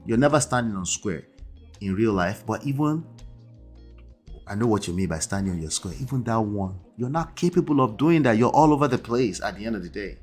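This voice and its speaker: A man's voice: on the low side, expressive, fairly quick, darkish tone, breathy edge, soft background music. Emphatic male coach reacting to a clip. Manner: emphatic, keeps checking in with "okay?" and "right?". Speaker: relationship coach and host. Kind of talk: reaction commentary on a debate clip.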